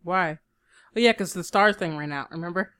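A man's voice: sits high, normal speed, bright, forceful tone, smooth. A man co-hosting a casual podcast chat, blunt and repeating short verdicts. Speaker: podcast co-host.

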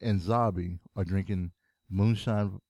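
A man's voice: deep voice, fairly even intonation, slow pace, a little mellow, no room sound, muffled recording. A man co-hosting a live-streamed show, chatting casually and rambling with plenty of fillers and restarts. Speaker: show co-host.

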